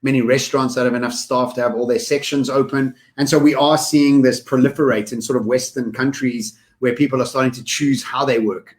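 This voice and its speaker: Energetic male podcast co-host with a middle-range voice who talks in rapid lists. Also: medium pitch. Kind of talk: casual podcast conversation.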